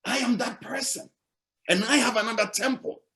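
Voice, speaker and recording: Man, pastor, sermon, fairly high pitch, emphatic, repetitive, rhetorical questions. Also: moderate pace, bright, forceful tone.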